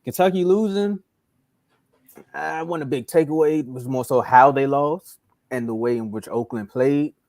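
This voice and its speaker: A man talks sports on a podcast in a lively, animated way, slipping into little voices when he quotes people. His voice sits at an ordinary middle pitch, and the sound is dry and close, with no room around it. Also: moderate pace, no room sound. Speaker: podcast co-host. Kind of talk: casual sports chat.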